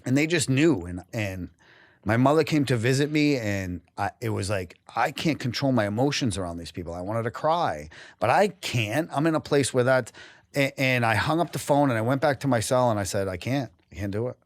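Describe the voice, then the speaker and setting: A man's voice: mid-range voice, lively intonation, a little fast, no echo, studio quality. A man from New England, a guest on a podcast, telling his story candidly and emotionally, swearing freely and often breaking off and restarting.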